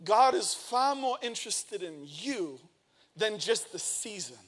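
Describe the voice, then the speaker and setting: A man in his thirties preaching a sermon, telling a lively personal story and acting out the quoted lines. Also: sits high. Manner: energetic storytelling, acts out quotes. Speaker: pastor.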